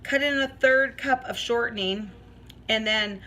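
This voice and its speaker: A woman's voice: on the high side, a little slow, bright, forceful tone, slight background noise, poor audio. A woman vlogging as she bakes in her home kitchen, chatting in a rambling way and laughing often. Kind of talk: casual chat while baking.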